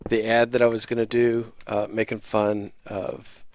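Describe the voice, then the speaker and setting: A man's voice: on the low side, little pitch movement, a little slow, dry recording. An American man hosting a casual Minecraft video, rambling with many fillers and self-deprecating asides. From United States. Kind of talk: casual gameplay commentary.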